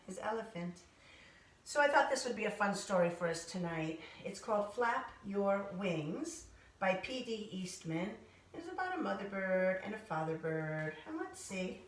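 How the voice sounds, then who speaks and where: A woman reading a picture book aloud as a gentle, animated bedtime story for a child. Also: mid-range voice, roomy sound, recorded from a distance, slight background noise. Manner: gentle, soft-spoken, animated.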